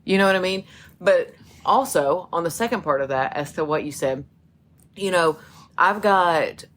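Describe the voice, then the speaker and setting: Lady cohosting a podcast, low voice, just chatting and telling stories. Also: moderate pace. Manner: chatty storyteller, acts out quoted friends. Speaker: podcast co-host. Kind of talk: casual chat.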